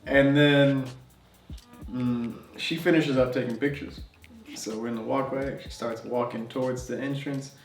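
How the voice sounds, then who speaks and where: A young adult man, a travel vlogger, tells a travel story to the camera in a loose, chatty way full of fillers and laughs. His voice is medium in pitch, steady in tone, and measured in pace. The sound is roomy, with a distant mic and faint music behind him.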